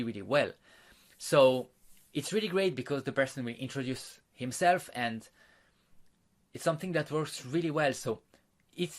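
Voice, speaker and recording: A man teaching an online social skills course, explaining step by step with frequent fillers and restarts. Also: mid-range voice. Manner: walks listeners through exercises and demonstrations.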